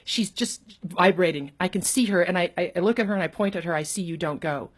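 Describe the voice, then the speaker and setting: A middle-aged woman, an author and speaker, telling a personal story with lively, expressive delivery and sudden pitch jumps when she acts out quotes. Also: a little fast. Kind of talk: animated storytelling.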